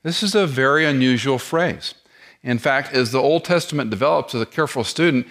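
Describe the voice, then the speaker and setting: A man's voice: medium pitch, brisk, a bit bright. A middle-aged man preaching an expository sermon, explaining the text verse by verse and posing rhetorical questions as he teaches. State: lives with chronic back pain. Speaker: pastor.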